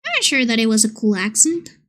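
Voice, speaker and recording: A woman's voice: on the high side, lively intonation, fast, fairly bright tone. A woman streamer chatting casually and playfully with her viewers, reading their messages aloud. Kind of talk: casual live-stream chat.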